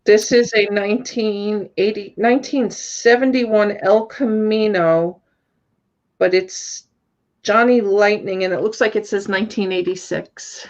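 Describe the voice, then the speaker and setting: A woman's voice: medium pitch, fairly even intonation, measured pace. A woman co-hosting a live sale, reading out makers and years of items and thinking aloud as she goes. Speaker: co-host showing auction items. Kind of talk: casual live-stream item descriptions. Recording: dull lo-fi sound.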